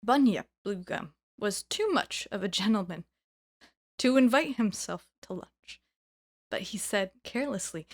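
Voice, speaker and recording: Woman reading a storybook calmly. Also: medium pitch, moderate pace. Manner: calm, steady narration. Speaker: reader.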